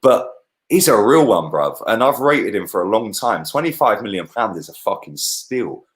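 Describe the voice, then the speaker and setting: A man's voice: lowish voice, sing-song, moderate pace. A young man, chatting animatedly about football with lots of slang and swearing. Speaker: football podcast co-host. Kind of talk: casual football chat.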